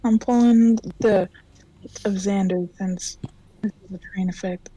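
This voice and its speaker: A woman's voice: mid-range voice, fairly even intonation, unhurried, a crowd in the background, rough recording. A woman player at a tabletop game, speaking hesitantly with fillers.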